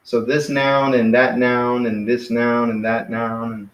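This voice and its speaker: A man's voice: medium pitch, level tone, unhurried, roomy sound, poor audio. A man casually teaching Greek pronunciation to a class, hesitant and self-correcting as he explains. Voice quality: hesitant, many fillers and restarts, self-correcting.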